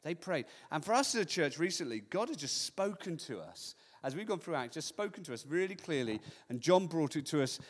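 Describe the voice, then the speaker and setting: A man preaching a sermon as pastor, lively, now and then acting out voices of people in the story. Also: a little high, fairly quick, hardly any pauses, big-room sound.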